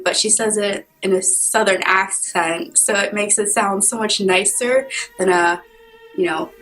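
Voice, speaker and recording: A woman's voice: mid-range voice, a bit bright. Chatty woman a bit off-mic. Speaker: law student. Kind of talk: comment to camera. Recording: distant mic.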